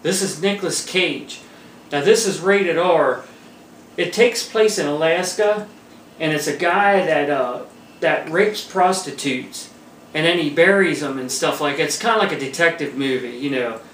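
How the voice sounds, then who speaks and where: A man hosting a casual home movie review, chatting in a relaxed way and laughing between points. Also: on the high side, a little slow. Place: room at home by a table. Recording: roomy echo, mic far off, faint hiss.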